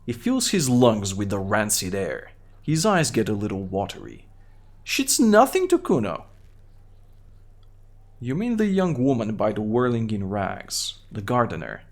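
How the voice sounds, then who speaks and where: A man with a Bulgarian accent streaming a game, reading its text aloud and adding quick, half-joking asides. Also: on the low side, big pitch swings. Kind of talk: live gameplay commentary, reading game text.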